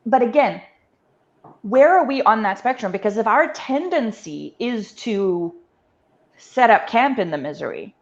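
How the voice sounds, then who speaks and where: A woman's voice: a little high, expressive, measured pace. A woman speaking earnestly and emphatically in a casual conversation, swearing now and then for emphasis. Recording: dull lo-fi audio.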